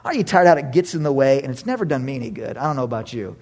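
A man in his thirties preaching a sermon, animated and humorous, jumping from loud exclamations to hushed asides. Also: medium pitch, racing. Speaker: pastor.

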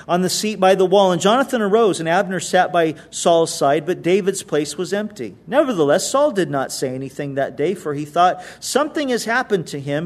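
A man's voice: a little high, expressive, brisk. A male pastor reading scripture aloud and explaining it in a conversational sermon, with emphatic retellings.

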